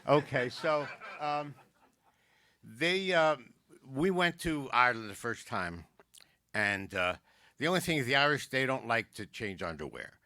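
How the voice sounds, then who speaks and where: A man doing a stand-up comedy set, telling jokes with quick wisecracks and asides. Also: medium pitch, animated, sharp tone, no echo. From South Philadelphia. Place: community arts center.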